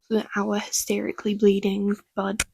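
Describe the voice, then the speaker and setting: A woman with a gravelly, fry-laden voice tells a story straight to the camera, chatty and loose, swearing freely. Her sound is close and dry, with no room around it. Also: mid-range voice, monotone, normal speed, no echo. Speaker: vlogger. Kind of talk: casual storytime.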